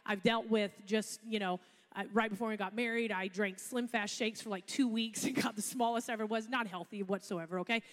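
A woman's voice: medium pitch, fairly even intonation, brisk, long reverb tail. A woman pastor, preaching a sermon in a chatty storytelling way with asides.

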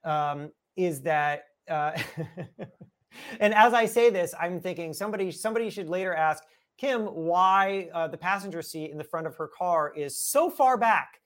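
Animated man telling a story. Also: sits high, a little slow. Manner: energetic, many restarts and repeated words, laughs. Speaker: podcast guest, author. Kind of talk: casual storytelling chat.

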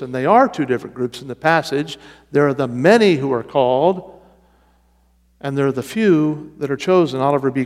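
A man leading an evening Bible study, teaching methodically and repeating key phrases for emphasis. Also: mid-range voice. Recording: reverberant hall sound.

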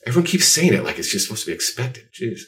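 A man's voice: medium pitch, sing-song, rapid-fire, fairly bright tone, far from the mic. A man being interviewed about his art, telling stories in a rambling, self-deprecating way with lots of fillers. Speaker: artist guest. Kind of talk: casual interview chat.

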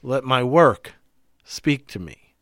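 A middle-aged man co-hosting a relaxed talk, a therapist speaking reflectively and acting out the lines he quotes. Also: mid-range voice, slow, no echo, studio quality. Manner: reflective, animated, acts out quoted speech. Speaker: podcast co-host, therapist. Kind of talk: casual conversation.

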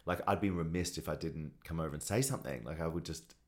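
A middle-aged man from Australia, a TV host and sportscaster, chatting casually as a podcast guest and telling animated, gushing stories. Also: very deep voice, fast talker. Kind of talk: casual chat.

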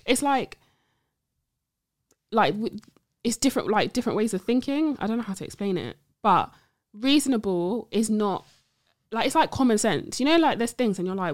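A young woman training as a psychologist chats casually in an interview, rambling and constantly saying "like" and "do you see what I mean" to make sure she's followed. Her medium-pitched voice is expressive and moves at a normal speed. The recording is clean studio quality with no room sound.

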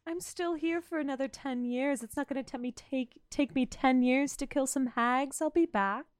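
A woman's voice: sits high, moderate pace, no echo, clean studio sound. A woman playing a tabletop role-playing game, speaking sincerely and earnestly in character. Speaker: player.

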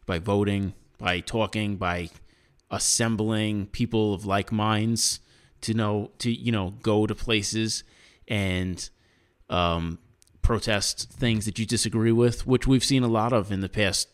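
A man's voice: fairly low pitch, steady tone, slow pace, smooth. An American man co-hosting a podcast, giving earnest opinions in casual chat with frequent restarts. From United States. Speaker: podcast co-host.

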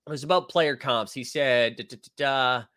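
A man's voice: mid-range voice, normal speed, pushed and bright. A man hosting a casual live-stream sports show, rambling and joking as he reads viewer comments aloud. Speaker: sports show host reading live chat.

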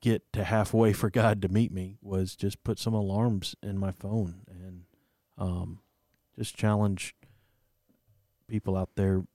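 A man's voice: sits low, little pitch movement, takes it slowly, dark tone, dry recording, clean studio sound. A man co-hosting a faith podcast, rambling and self-deprecating, full of fillers as he tells a story. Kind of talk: casual faith chat.

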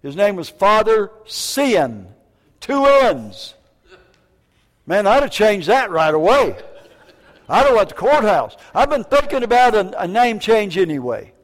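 High-voiced older man preaching in a hall. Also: unhurried. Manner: animated, jokey storytelling with stammered restarts. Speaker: prison minister. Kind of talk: preaching a sermon. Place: church. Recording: reverberant church hall.

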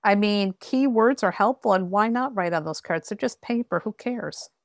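A woman's voice: medium pitch, normal speed, no echo, clean studio sound. A woman tarot reader talking bluntly and emphatically, giving frank advice in a podcast conversation. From rural area.

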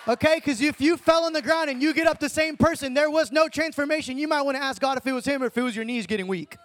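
A young man preaching an informal sermon, animated and slangy, calling listeners dude and man. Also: very high-pitched, quick pace. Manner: slangy, animated, talks in street terms like dude and bro.

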